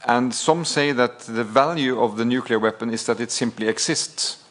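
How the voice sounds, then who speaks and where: A man from Norway, answering at a press conference as head of government in a measured, step-by-step way. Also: medium pitch, a bit bright. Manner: measured, deliberate, builds points in steps.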